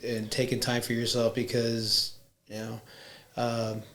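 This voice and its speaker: A man in his fifties, a podcast guest, talking casually and reflectively with halting restarts. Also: mid-range voice, monotone, a bit bright. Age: 50s. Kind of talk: casual chat.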